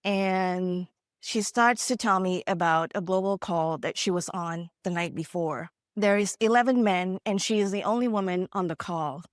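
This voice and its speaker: A woman's voice: lowish voice, normal speed, no room sound, clean studio sound. A woman from India giving a motivational keynote, telling stories in an earnest, conversational way with frequent asides to the audience. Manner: earnest, conversational, frequent "you know" and "right?". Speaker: keynote speaker.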